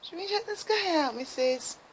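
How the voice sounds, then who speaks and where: A woman's voice: extremely high pitch, animated, normal speed, background noise. A woman filming herself in her garden in winter, chatting casually to the camera and coaxing her cat in a cooing, sing-song voice. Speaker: vlogger. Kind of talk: casual vlog chat to camera. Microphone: handheld camera filming herself.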